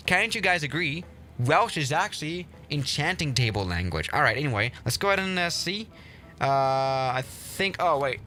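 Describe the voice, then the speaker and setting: A young man giving casual, excitable commentary while playing a flight simulator, often exasperated and restarting his sentences. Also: mid-range voice, a little hiss or hum. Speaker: flight sim streamer.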